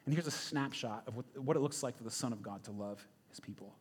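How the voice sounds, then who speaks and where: Here the pastor talks quickly in a husky, medium-pitched voice. His sermon is conversational and emphatic, punctuated by frequent "right?" asides as he checks in with the congregation.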